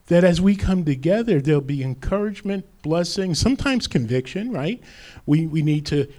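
A man's voice: a little high, darkish tone. A man preaching a sermon as pastor, quoting scripture with rising emphasis.

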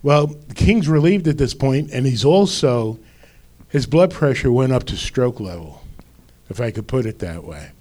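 A man preaching a sermon as pastor, slow and deliberate with emphatic rises. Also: medium pitch, lively intonation, darkish tone.

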